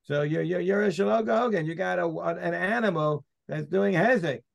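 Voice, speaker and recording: Gravelly, somewhat high-voiced man as Talmud teacher, emphatic, hammers his point home. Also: moderate pace. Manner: emphatic, argues by restating points. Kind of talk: Talmud study discussion.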